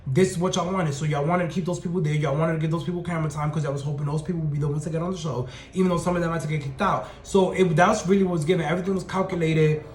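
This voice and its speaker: A young man telling a storytime tale in an animated, profane, slang-heavy and sassy way. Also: a little high, racing, hardly any pauses. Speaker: storytime vlogger. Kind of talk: casual storytelling rant. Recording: roomy echoey room.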